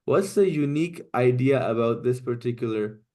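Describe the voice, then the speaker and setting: A man's voice: medium pitch, moderate pace, mellow. A man teaching an online class, explaining step by step and often checking in with "right?" and "okay?". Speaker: Quranic Arabic teacher.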